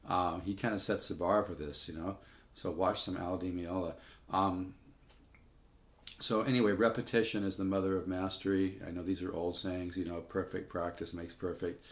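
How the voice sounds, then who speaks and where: A man's voice: low voice, fairly even intonation, moderate pace. An older man giving a casual guitar lesson, rambling and conversational, with asides between his own playing. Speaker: guitar teacher.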